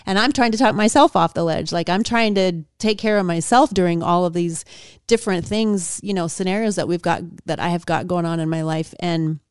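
A woman co-hosting a talk show, chatting in a calm, reflective way with many fillers. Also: on the low side, brisk, clear, resonant tone, no echo, clean studio sound. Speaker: co-host. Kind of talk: casual reflective chat.

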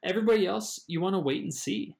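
Talking fantasy football with his co-host, this man is chatty and keeps restarting his sentences in casual sports banter. His voice is high, fast, gravelly, and a little mellow.

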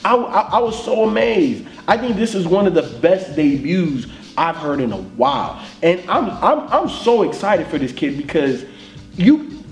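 A man co-hosting a casual album review chat, talking in an animated, emphatic, profane way and often repeating himself as he starts a thought. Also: sits high, a little slow. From East Atlanta, US. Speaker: podcast co-host reviewing an album. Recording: roomy echo.

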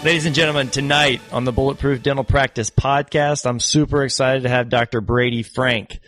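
A man's voice: mid-range voice, fairly even intonation, brisk, fairly bright tone, soft background music. A man in his forties hosting a podcast, talking with an enthusiastic, chatty manner and laughing easily. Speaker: podcast host. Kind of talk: casual interview chat.

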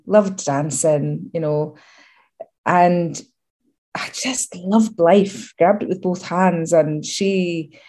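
A middle-aged Scottish woman giving a candid interview, telling stories with humour and pride. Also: deep voice. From Scotland. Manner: lively, humorous, proud storytelling. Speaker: interview guest.

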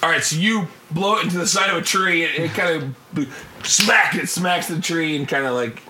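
A man narrating as game master in a casual, laughing way, with halting restarts. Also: on the high side. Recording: echoey room with loud noise.

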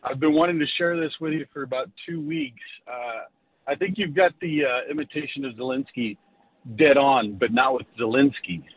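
A man's voice: medium pitch, lively intonation, moderate pace, husky. A man calling in to a radio show, friendly and a little hesitant. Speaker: caller. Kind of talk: phone-in call. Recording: tinny phone line.

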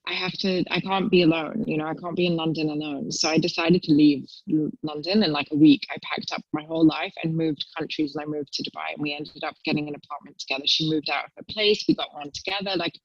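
A woman's voice: fairly even intonation, quick pace, hardly any pauses, dry recording, muffled recording. A young woman in casual chat as a guest, telling stories and acting out quotes in a raised voice. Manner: chatty storyteller, acts out quotes in a high voice.

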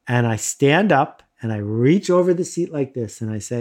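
A middle-aged man casually telling a self-mocking anecdote in lively bursts. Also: mid-range voice, moderate pace, hardly any pauses. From United States. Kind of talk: casual storytelling.

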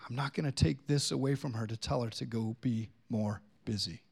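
A man's voice: mid-range voice, fairly quick, creaky, a little mellow, breathy edge. A man pastor preaching a sermon in a church, earnest and conversational. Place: church sanctuary.

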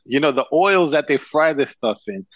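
Male doctor guest, blunt storyteller, slightly high pitch, dry close mic, a bit dull. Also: lively intonation, normal speed, fairly bright tone, no room sound. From Dominican Republic. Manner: blunt, profane, storytelling with emphatic asides. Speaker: cigar company CEO and physician guest. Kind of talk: casual podcast interview.

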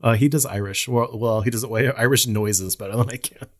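A man's voice: mid-range voice, normal speed. A man co-hosting a podcast in casual chat, reading out listener messages in a rambling way, full of fillers and easy laughter. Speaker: podcast co-host.

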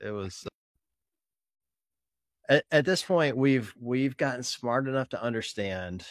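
A man from the southern US hosting a casual podcast interview, joking and telling animated stories. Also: medium pitch, a little slow, no echo, clean studio sound. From Mississippi. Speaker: podcast host.

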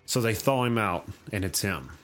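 A man hosting a casual chat show, retelling a story in a long-winded, animated way. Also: on the low side, normal speed.

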